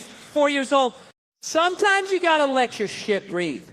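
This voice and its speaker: Brief: male stand-up comic, high register, profane, exasperated storyteller. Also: big pitch swings, moderate pace, fairly bright tone, slight background noise. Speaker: stand-up comedian. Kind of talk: stand-up comedy set.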